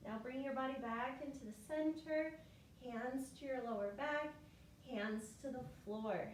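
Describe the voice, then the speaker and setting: A woman leading a yoga class, giving calm step-by-step cues on each breath, a little out of breath. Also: high-pitched, unhurried, a little hiss or hum. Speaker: yoga teacher. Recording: echoey room, mic far off.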